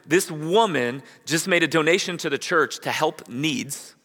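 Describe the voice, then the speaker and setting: A man's voice: on the high side, measured pace, a bit bright. A man preaching a sermon as pastor, reading scripture and building to emphatic bursts. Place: church sanctuary. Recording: long hall reverb.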